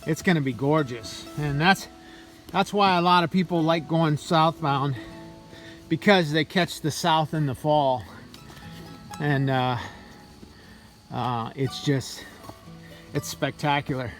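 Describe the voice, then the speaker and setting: A man talking casually while hiking a mountain trail, a little out of breath, telling a story in an animated way. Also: fairly high pitch, takes it slowly, long pauses, faint music behind. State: slightly out of breath. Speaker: hiker vlogger.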